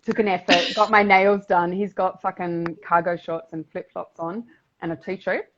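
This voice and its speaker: A woman with a South Australian accent, co-hosting a podcast in casual chat, bubbly and quick to laugh as she tells stories. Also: fairly low pitch, level tone, highs cut off, slight background noise. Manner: bubbly, laughs often, chatty storytelling. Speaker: podcast co-host.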